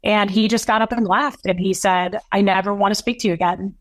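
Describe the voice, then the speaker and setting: A woman speaks as an interview guest, telling a painful story at length. Her talk is halting and emotional, with restarts. Her voice sits at a medium pitch and the sound is close and dry. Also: fairly even intonation, no room sound. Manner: emotional, long-winded, halting recounting.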